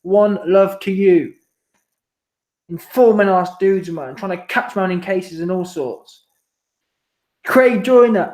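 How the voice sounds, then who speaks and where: Brief: man, fairly high voice, laid-back slangy streamer, echoey room. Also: measured pace, a little mellow. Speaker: boxing commentary channel host. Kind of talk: casual live-stream chat reading super chats. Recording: roomy echo.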